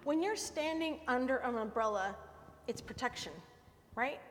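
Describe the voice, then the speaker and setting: A woman preaching a sermon in a warm, conversational way, often checking in with her listeners. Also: high-pitched, animated, normal speed. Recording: long hall reverb.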